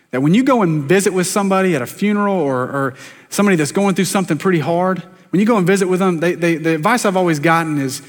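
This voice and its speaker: A man, a pastor preaching a sermon in a conversational, self-deprecating way, often turning to ask the congregation questions. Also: on the high side. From South Carolina, US. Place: church sanctuary. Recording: long church reverb.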